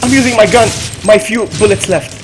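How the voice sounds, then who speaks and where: A man streaming a co-op game, chatting excitedly with his partner and repeating himself as he reacts. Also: high-pitched, a little fast, background noise. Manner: excitable, yelps and laughs often, repeats himself. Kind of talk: excited gaming commentary.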